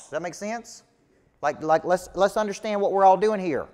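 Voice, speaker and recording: Southern male business coach, punchy and folksy, slightly high pitch, long hall reverb. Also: expressive, moderate pace, darkish tone. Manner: emphatic, folksy, rhetorical questions. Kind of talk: motivational seminar teaching.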